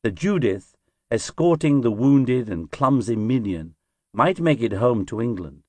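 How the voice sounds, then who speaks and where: A man's voice: medium pitch, animated, unhurried, a little mellow, no room sound. A man narrating a history story in a dramatic, storytelling manner with vivid emphasis.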